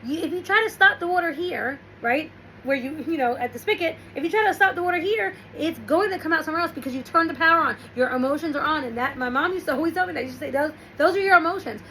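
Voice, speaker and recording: High-voiced woman giving casual advice. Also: fast, pushed and bright, slight background noise, poor audio. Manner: rambling, restarts, storytelling with quoted asides. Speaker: host.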